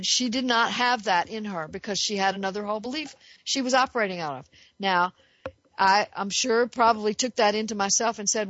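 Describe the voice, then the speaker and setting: A self-help speaker with a somewhat bright, higher-pitched voice delivers an earnest, emphatic reflective monologue, posing rhetorical questions and answering them herself. The recording is dry and muffled, with no echo.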